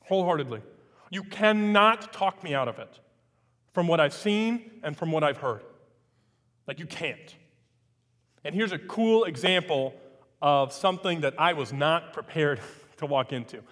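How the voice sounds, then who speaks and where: A male pastor whose voice sits a little high. He delivers a sermon, at times like a chat and at times loud and emphatic. The sound rings through a hall with a long reverb. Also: animated, unhurried, pauses often. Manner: conversational storytelling, rising to loud emphatic preaching. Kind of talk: sermon with a personal story.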